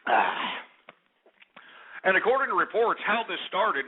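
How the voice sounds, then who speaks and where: Brash, profane talk radio host. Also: male voice, high voice, big pitch swings, a little slow, pauses often, slightly rough. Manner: brash, profane, many fillers. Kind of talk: call-in talk radio rant. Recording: tinny phone-quality broadcast audio.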